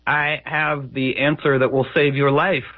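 A man's voice: mid-range voice, flat delivery, unhurried, no room sound, narrow, tinny audio, lightly acted. A man voicing a grotesque, commanding hag in a spoken storytelling piece, bold and bargaining.

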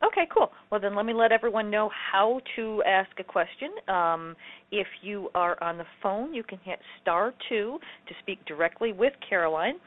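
A woman hosts a call in an upbeat manner, reading out announcements and questions from listeners. Her pitch is middling, and her voice arrives through a thin, phone-like line. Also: lively intonation, moderate pace. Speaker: host of a teleseminar.

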